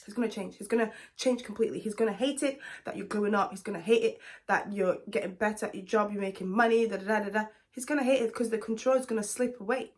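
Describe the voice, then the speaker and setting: A woman's voice: medium pitch, fast talker, hardly any pauses. A woman vlogger giving blunt, emphatic relationship advice to the camera, calling the listener honey. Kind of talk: direct advice talk to camera.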